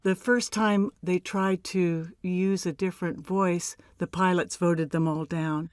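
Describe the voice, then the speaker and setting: Measured older woman, dry close sound. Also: fairly low pitch, fairly even intonation, no room sound. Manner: measured, deliberate, with emphatic pauses. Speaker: voice actor, interview guest. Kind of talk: relaxed interview storytelling.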